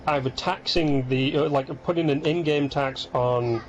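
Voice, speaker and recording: A man's voice: on the high side, unhurried, dull audio. Male co-host, early-morning sleepy, rambles and restarts, slight hum behind. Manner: rambling, self-interrupting, animated impressions. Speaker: podcast co-host. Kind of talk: casual gaming chat.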